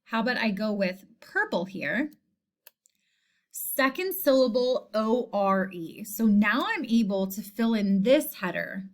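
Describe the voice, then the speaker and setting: A woman teacher with a slightly high voice explains a spelling lesson to her class. She talks slowly and patiently, spelling letters out one by one and repeating each word clearly.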